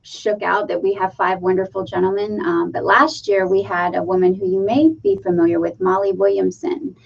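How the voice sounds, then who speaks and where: A woman's voice: mid-range voice, flat delivery, moderate pace, vocal fry. A woman who organizes a speaker series, talking casually in a polite, hesitant way. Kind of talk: casual chat. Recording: distant, dull lo-fi recording.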